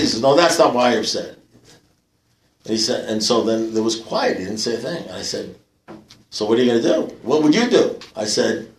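A man's voice: mid-range voice, animated, a little fast, recorded from a distance. Wry older man sharing in an echoey hall. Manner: wry, self-mocking, punchy delivery with laughter. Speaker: recovery meeting speaker. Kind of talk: storytelling share at a recovery meeting. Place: meeting hall with live audience. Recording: echoey room, picked up from afar.

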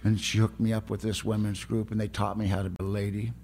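A man quoting a gentle old woman, soft and slow. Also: lowish voice, little pitch movement, vocal fry, slight background noise, pitched below the performer's own voice. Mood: pleading. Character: gentle elderly woman, long sober, pleading softly.

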